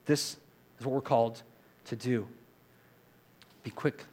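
A man's voice: mid-range voice, steady tone, slow pace. Earnest male pastor preaching. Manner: earnest, swings from quiet reflection to loud emphatic repetition; leads the congregation in call-and-response. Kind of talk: sermon.

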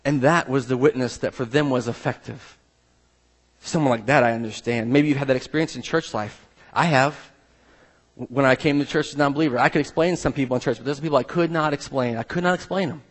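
A man's voice: mid-range voice, fast. A male pastor preaching an earnest, emphatic sermon, often restarting his sentences.

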